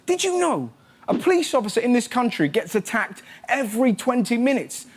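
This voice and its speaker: A man's voice: very high-pitched, very animated, fairly quick. A man hosting a comedy show, delivering a punchy, sarcastic stand-up monologue. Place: TV studio stage. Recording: loud studio audience laughter.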